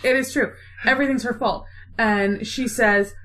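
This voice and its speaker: A woman's voice: a little high, fairly even intonation, a bit bright, slight background noise. Playful woman retelling a play. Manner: playful, does quick mock voices for characters. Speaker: podcast co-host retelling a play. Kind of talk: casual comedic retelling.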